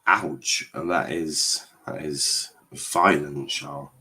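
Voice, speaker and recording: A man's voice: a bass voice, steady tone, slow, pushed and bright. A young man, casually commentating a live football watchalong, swearing, joking and reading chat aloud. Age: young adult. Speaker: watchalong streamer.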